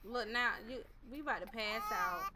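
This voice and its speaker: A woman's voice: fairly high pitch, sing-song, moderate pace, heavy background noise. A young woman casually commenting on her life-sim game as she plays, chatty and scolding her character. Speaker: gaming channel host. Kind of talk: casual let's-play commentary. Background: game music.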